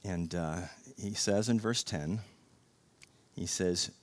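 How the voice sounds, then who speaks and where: A man preaching a sermon as pastor, passionate, swinging from hushed storytelling to loud, emphatic exhortation. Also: deep voice, takes it slowly, no echo.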